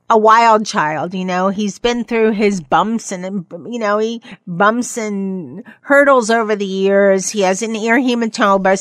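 A woman hosting a pet podcast, talking casually and rambling, who now and then breaks into high, playful voices to mimic excited pets. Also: no echo. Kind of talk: casual monologue.

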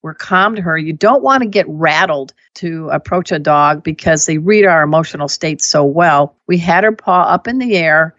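Woman, lowish voice, animated storyteller, emphatic advice, dull dry lo-fi sound. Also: moderate pace, hardly any pauses, no echo. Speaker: pet first aid instructor. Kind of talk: casual conversational advice.

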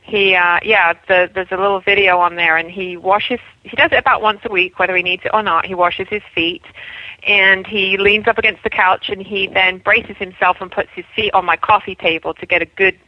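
A woman animal trainer being interviewed on the radio, chatty and quick to laugh. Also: mid-range voice, steady tone, no room sound, highs cut off. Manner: laughs easily, chatty, trails off.

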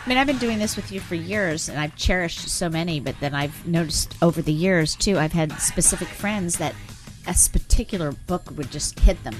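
A woman co-hosting a casual radio talk show, an animated storyteller who laughs easily. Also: on the low side, normal speed, faint music behind. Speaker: radio co-host. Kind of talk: casual on-air radio chat.

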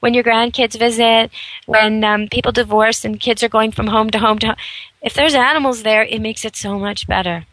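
A woman radio host speaking with a bright, forward voice pitched a little high. She talks earnestly and persuasively, stringing thoughts together in long runs. The sound is dry and close. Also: steady tone, moderate pace, no echo, poor audio. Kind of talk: advice talk show chat.

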